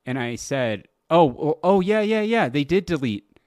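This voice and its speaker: A man's voice: on the high side, very animated, measured pace, darkish tone, no room sound, clean studio sound. A middle-aged man hosting his podcast alone, telling a story in a casual, incredulous way, swearing and laughing at his own story. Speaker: podcast host. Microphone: close podcast mic.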